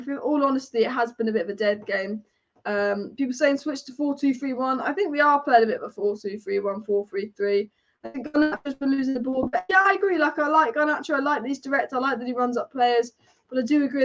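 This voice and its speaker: A young woman from England hosting a football fan channel, chatting casually through a live watch-along, reading out statistics and answering viewer comments. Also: on the high side. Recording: dull lo-fi live stream audio.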